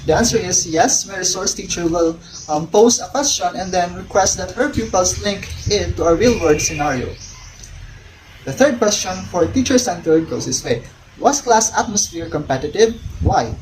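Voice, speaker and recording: A woman's voice: on the low side, expressive, normal speed, a little mellow. A young woman, an education student reading out questions from her field study report and answering them, often restarting cut-off words. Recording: noisy recording with ambient noise and birds.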